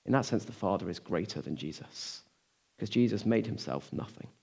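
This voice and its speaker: Man, preacher, sermon, earnest, rhetorical questions, emphatic then hushed. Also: on the low side, expressive, moderate pace, vocal fry, slightly rough. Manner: swings from emphatic to hushed, near-whispered lines.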